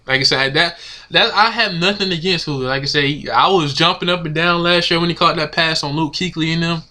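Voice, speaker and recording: A man's voice: fairly high pitch, a little fast, pushed and bright. A man ranting casually to his camera as a sports fan, exasperated and slangy, repeating himself. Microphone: camera mic.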